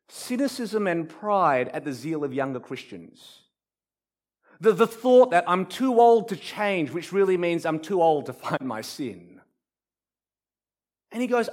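A male pastor delivers a sermon in a high voice. His pitch swings widely as he acts out quotes. He drops to near-quiet to stress a point. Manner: animated preacher, acts out quotes, drops to soft emphasis.

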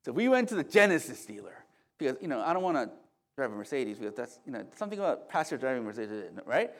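A male pastor preaching a sermon in an animated, conversational storytelling manner with humorous asides. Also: medium pitch, quick pace.

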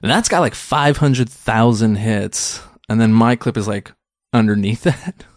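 A man's voice: on the low side, a little slow, no room sound, studio quality. A man in his thirties, a stand-up comedian, chatting in an interview in a rambling, self-deprecating way full of restarts. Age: 30s. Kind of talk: casual interview chat.

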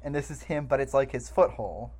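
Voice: mid-range voice, quick pace, a little mellow. A podcast co-host discussing a film casually, thinking aloud with lots of hedges and filler words. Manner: thoughtful, hedging with many fillers.

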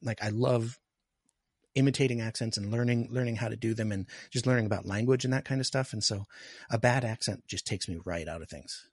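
A man's voice: on the low side, brisk, husky, no echo, studio quality. A man in a casual film discussion, talkative and explaining at length.

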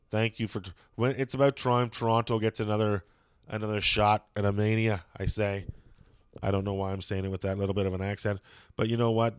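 A man's voice: lowish voice, darkish tone, clean tone, no echo, clean studio sound. A man chatting casually and opinionatedly as a show host, rambling with lots of fillers and some swearing.

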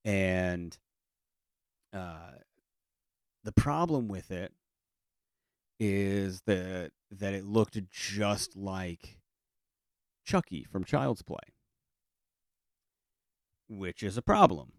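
A man's voice: sits low, lively intonation, very slow, long pauses, no echo, studio quality. A middle-aged man telling a childhood story in a casual, comic way, rambling with lots of fillers and restarts. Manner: acts out family voices in quotes.

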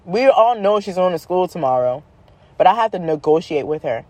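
A woman talking casually about her children, exasperated and animated, acting out the quotes as she tells the story. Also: lowish voice, fairly quick, no echo. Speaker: mother, vlogger.

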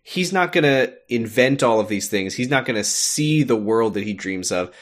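A man co-hosting a podcast, recapping a show in an earnest, relaxed way. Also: mid-range voice, normal speed. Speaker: podcast co-host. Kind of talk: casual chat recapping an episode.

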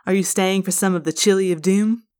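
A woman's voice: mid-range voice, fairly even intonation, brisk, mellow, no echo, studio quality, natural voice. A woman reading as a chatty, fond middle-aged mother in a fan audiobook.

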